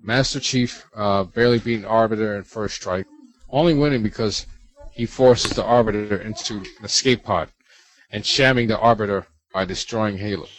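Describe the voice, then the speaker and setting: A man's voice: lowish voice, normal speed, low-quality recording. A man co-hosting a casual podcast, rambling a bit as he reads out listener mail. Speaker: podcast co-host.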